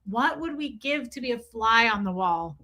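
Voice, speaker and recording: A middle-aged woman hosting a livestream, talking in a profane, animated way as she comments on online drama and acts out what people said. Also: on the high side, moderate pace. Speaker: livestream host.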